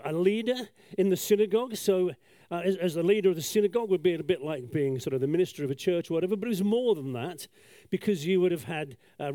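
A man's voice: sits high, mellow, dry recording, clean studio sound. A man telling a story while painting on a sketchboard, chatty and self-deprecating, with lots of asides. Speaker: children's talk storyteller.

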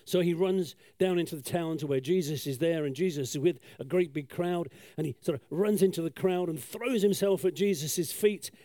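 A man's voice: on the high side, normal speed, hardly any pauses, mellow, no echo, clean studio sound. A man telling a story while painting on a sketchboard, chatty and self-deprecating, with lots of asides. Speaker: children's talk storyteller.

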